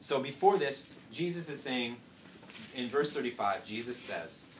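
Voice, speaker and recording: A man's voice: medium pitch, lively intonation, measured pace. A young man teaching a casual Bible lesson, talking conversationally with rhetorical questions and joking asides. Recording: roomy, distant mic, faint background noise.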